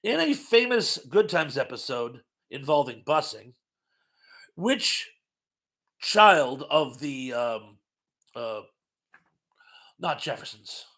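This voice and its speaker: A man's voice: mid-range voice, big pitch swings, slow, long pauses, a bit bright. A middle-aged man hosting a casual live-stream trivia chat, reading out quiz questions and viewer comments, chatty and self-mocking, laughing often and stumbling over his words.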